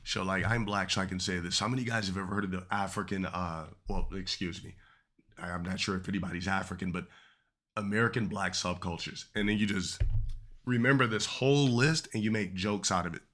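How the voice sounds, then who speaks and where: Male streamer, deep and bright-toned, casual profane monologue that wanders. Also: brisk. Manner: rambling, profane, trails off mid-thought. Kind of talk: casual rant to chat.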